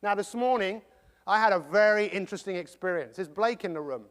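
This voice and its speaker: A middle-aged man giving an energetic motivational talk, quizzing the audience as he goes. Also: high voice, fairly quick. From England. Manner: energetic, rhetorical, quizzes the crowd. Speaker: motivational speaker. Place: large conference hall. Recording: long hall reverb.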